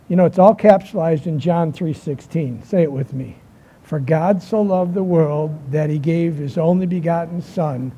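A man preaching a sermon, moving between emphatic lines and quiet pauses, telling a story to make his point. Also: on the high side, breathy edge. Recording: dull lo-fi sound.

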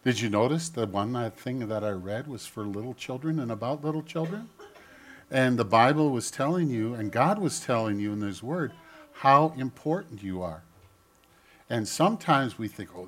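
An older man, a pastor, giving a gentle storytelling children's sermon and speaking directly to the kids. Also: mid-range voice, expressive, moderate pace.

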